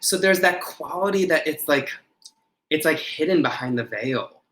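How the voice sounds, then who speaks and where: A man's voice: fairly high pitch, lively intonation, moderate pace, a bit bright, rough recording. A man who is a podcast guest, earnestly explaining ideas and often restarting his phrases. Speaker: podcast guest, ritual designer.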